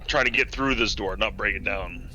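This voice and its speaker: A man playing a tabletop game online, deliberately describing his character's actions. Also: on the low side, sharp tone, low-quality recording. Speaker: player. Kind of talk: casual tabletop game chat.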